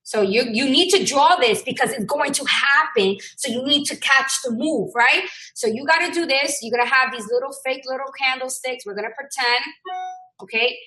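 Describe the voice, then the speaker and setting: Brash, bright high-voiced woman teaching. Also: normal speed, soft background music, rough recording. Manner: brash and blunt, swears freely; swings between loud bursts and muttering. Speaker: trading instructor. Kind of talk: casual screen-share lesson.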